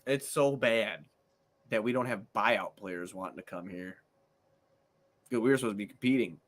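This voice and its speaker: A man's voice: on the low side, moderate pace. A man hosting a casual sports podcast, ranting angrily and swearing constantly. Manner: profane, angry ranting. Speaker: podcast host.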